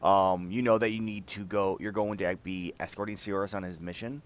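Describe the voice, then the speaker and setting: Man, game master, lowish voice, hesitant, filler-heavy. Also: fairly even intonation, a little fast, clear, resonant tone. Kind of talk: narrating a tabletop game.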